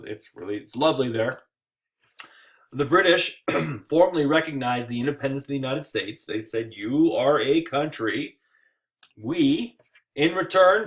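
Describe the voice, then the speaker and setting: A man giving a recorded history lecture over slides, casual and joking, with playful asides and quick put-on voices. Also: medium pitch. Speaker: history teacher.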